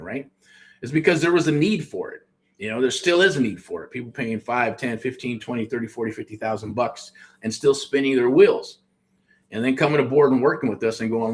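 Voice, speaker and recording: A middle-aged man from the United States hosting a show, talking casually and pitching a program, rambling with restarts and frequent swearing. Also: a little fast. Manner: rambling, profane, self-interrupting. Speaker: host. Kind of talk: casual promotional talk.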